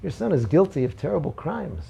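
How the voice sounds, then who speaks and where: This is a jealous royal minister in a told parable, accusing and sly, as a man puts him on in his own gravelly voice. The voice is dark and husky with a bit of fry, and it is pitched a little high for a man. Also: big pitch swings, brisk, full character voice. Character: scheming jealous royal minister, male adult.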